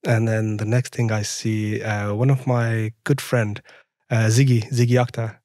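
A young Frenchman with a French accent tells his story as a guest on a casual podcast interview, laughing often and animatedly re-enacting conversations. His voice is fairly low with little pitch movement, measured in pace and a little mellow. The sound is clean studio audio with no room sound.

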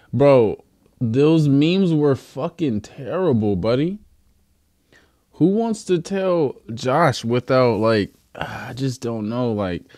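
Young man, live stream host, slow casual slang-heavy talk. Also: medium pitch, dark tone. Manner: swears a lot, slangy and laid-back.

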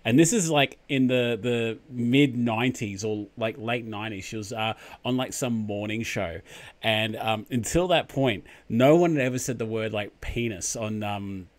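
A man's voice: medium pitch, normal speed. A man with an Australian accent hosting a casual live chat, rambling through stories with many fillers and frequent laughs. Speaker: host of a live chat show.

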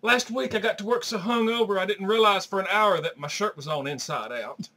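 A loud, crude woman, as a man puts her on dishes trash in a high, bright, sharp voice. She is a brash, gossiping comedy-sketch auntie who spares nobody. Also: a little fast, full character voice. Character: brassy crude Southern middle-aged woman, Aunt Charlene.

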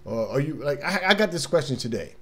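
A man's voice: medium pitch, big pitch swings, fairly quick. A man hosting a casual radio talk monologue, laid-back and chatty, often laughing and acting out little scenes from his day. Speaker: radio show host.

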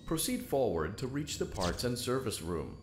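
A man voicing a calm intercom guide, echoey. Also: mid-range voice, noisy background, lightly acted. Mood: instructive. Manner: measured, polite, instructive. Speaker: in-game instructor.

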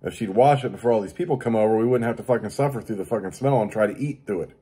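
A man's voice: racing, warm tone, slightly rough. A man hosting his own show, ranting crudely with constant swearing and mocking impressions of other people. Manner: rants about daily annoyances, mimics others in high voice. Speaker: show host. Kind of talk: profane comedic rant.

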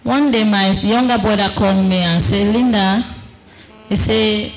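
A woman giving a personal testimony to a congregation in an earnest, storytelling way, acting out the quoted dialogue and slowing down for emphasis. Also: medium pitch, rough recording. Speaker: testifying church member.

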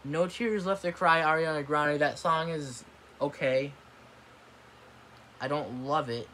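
A man's voice: a little high, takes it slowly, pushed and bright, slight background noise. A man venting in a blunt, dismissive rant, swearing and getting worked up, recorded on a tablet at home. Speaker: vlogger. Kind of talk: ranting video commentary. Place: apartment room. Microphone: tablet microphone.

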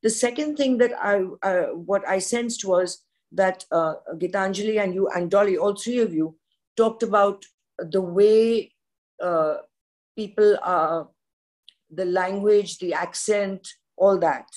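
An older woman with an Indian English accent talks in a forthright, opinionated way. She is a veteran journalist on a podcast panel, and her pitch sits in a middle range. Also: slow, darkish tone.

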